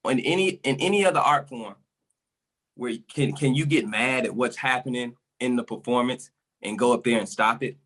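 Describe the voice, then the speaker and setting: A man's voice: medium pitch, fairly bright tone. A man on a podcast, ranting with passion and repeating himself for emphasis, a little out of breath. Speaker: resident comic on podcast. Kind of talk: casual podcast chat.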